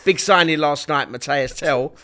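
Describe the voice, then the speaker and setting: A man's voice: a little high, moderate pace, sharp tone. Easygoing middle-aged man. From South London. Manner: easygoing, rambling with many fillers. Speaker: guest. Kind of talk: casual podcast chat.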